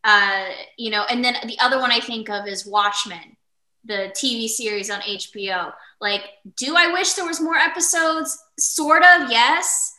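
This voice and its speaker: Enthusiastic woman co-host, bright forceful tone, slightly high, echoey room. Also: fairly even intonation, normal speed. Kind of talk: casual chat.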